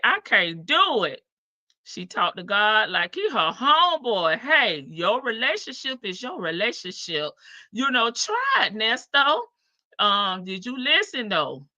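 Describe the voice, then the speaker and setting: A woman hosts a live stream, teasing and sassy as she reacts. Her voice is very bright and lively in pitch, and she talks at an unhurried pace. The sound is dry and slightly dull. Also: no echo. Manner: sassy, teasing, laughs often. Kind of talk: casual reaction commentary.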